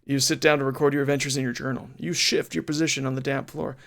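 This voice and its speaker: A man's voice: mid-range voice, level tone, quick pace, creaky, fairly bright tone. A man streaming a retro game, chatting casually and playfully, reading game text aloud with mock drama.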